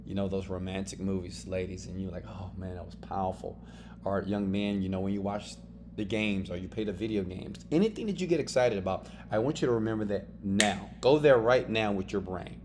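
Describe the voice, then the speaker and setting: A man's voice: on the low side, fairly quick, noisy background. A man giving a motivational self-help lesson, emphatic and full of "right?" and "okay?" tags. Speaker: motivational course teacher. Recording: music playing under the voice.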